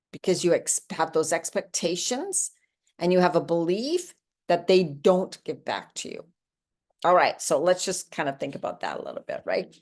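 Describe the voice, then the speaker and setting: A woman in her sixties speaks in a low voice, relaxed and conversational. Her talk is encouraging and motivational. Now and then she slips into playful quoted voices. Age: 60s. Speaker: host giving a morning talk.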